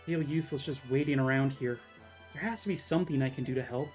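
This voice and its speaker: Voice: mid-range voice, quick pace, a little mellow, faint music behind, lightly acted. A streamer reading out a blunt, restless young male mercenary leader from a fantasy game. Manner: reads game dialogue aloud plainly. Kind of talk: reading game dialogue aloud.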